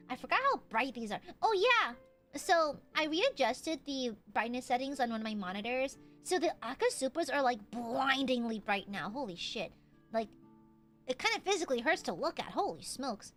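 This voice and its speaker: A woman streamer chatting casually with her audience, excitable and profane, often shouting and laughing. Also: high-pitched, moderate pace, faint music behind. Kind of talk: casual live-stream chat.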